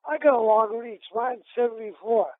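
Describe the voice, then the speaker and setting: A man's voice: extremely high pitch, normal speed, no echo. A middle-aged man from Massachusetts, a retired boxer, telling rambling stories with many restarts and repeats in a casual interview. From Massachusetts, USA. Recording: tinny phone line on a radio show.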